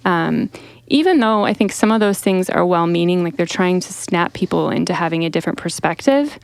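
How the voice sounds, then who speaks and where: A woman co-hosting a podcast and speaking as a clinician, explaining calmly and steadily with frequent "you know" fillers. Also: on the low side, moderate pace, clean tone, no echo. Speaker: podcast co-host and mental health clinician. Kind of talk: casual faith-based discussion.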